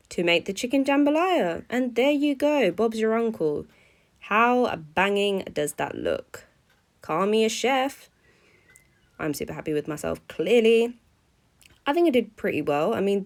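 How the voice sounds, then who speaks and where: A young woman, chatting through a cooking vlog in a playful, self-mocking way. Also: mid-range voice. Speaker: vlogger.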